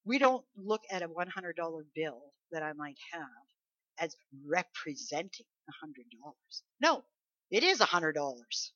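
A woman's voice: lowish voice, big pitch swings, moderate pace, fairly bright tone, no room sound. A woman preacher giving a sermon, talking emphatically and conversationally and asking the congregation rhetorical questions. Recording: dull lo-fi recording.

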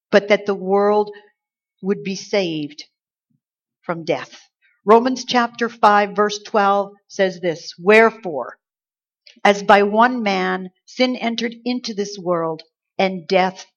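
A woman preaching a conversational Easter sermon, acting out quoted lines with lively emphasis. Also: medium pitch. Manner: conversational, animated, acts out angels' lines. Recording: slightly dull lo-fi sound.

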